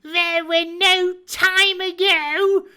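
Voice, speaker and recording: Pew, a shrieking blind pirate. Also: male voice, flat delivery, extremely slow, sharp tone, exaggerated voice. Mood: raging. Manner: shrill, furious barking of commands. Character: vicious blind old male pirate beggar. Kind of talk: dramatic read-aloud of a classic novel.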